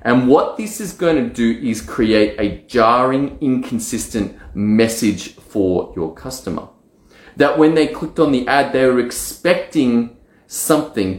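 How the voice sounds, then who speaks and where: A man giving a solo coaching talk on marketing, energetic, acting out his own excited inner voice now and then. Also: medium pitch. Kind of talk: solo direct-to-camera talk. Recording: roomy echo.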